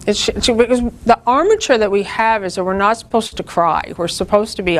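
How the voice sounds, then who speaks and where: A woman's voice: medium pitch, fairly quick, hardly any pauses. A woman leading a spiritual group, giving an earnest, informal talk that teaches through personal stories.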